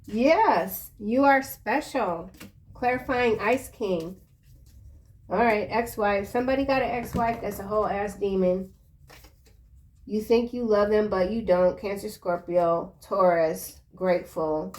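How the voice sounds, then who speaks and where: A woman giving a casual tarot reading in a chatty, slangy way, breaking into excited exclamations. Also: medium pitch, a little slow. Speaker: tarot reader.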